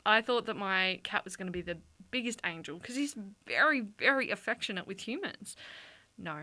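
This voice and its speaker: A woman co-hosting a youth radio podcast in a studio, telling stories in a giggly, animated way. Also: medium pitch, normal speed, no echo. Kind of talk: casual chat.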